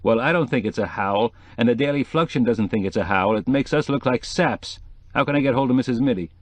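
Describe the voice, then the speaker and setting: A man voicing a stern, gruff male newspaper reporter in an audiobook. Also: medium pitch, fairly quick, no room sound, pitched above the performer's own voice, lightly acted.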